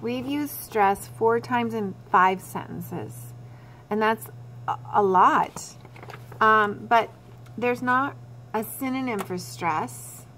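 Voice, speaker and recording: A woman's voice: fairly high pitch, slow pace, a bit bright, slight background noise. A woman teacher giving a recorded writing lesson to her students. She talks them through their drafts step by step and repeats the key points.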